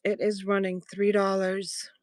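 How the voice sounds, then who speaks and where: A woman's voice: medium pitch, completely flat delivery, a little slow, dry recording. Chatty woman selling jewelry live. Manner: chatty, affectionate, thanks viewers by name. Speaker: live-stream jewelry seller. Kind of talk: casual live-selling chat.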